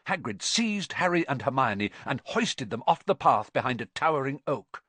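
A man narrating a children's fantasy novel as scripted storybook narration, with an expressive, dramatic reading. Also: medium pitch, moderate pace, few pauses, breathy edge, no echo. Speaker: audiobook narrator.

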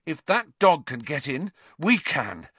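A determined teenage schoolboy, tense and grim, speaking a little higher and with lively rises and falls, as a male narrator voices him. The sound is dry and close. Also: moderate pace, husky, no echo. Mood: desperate.

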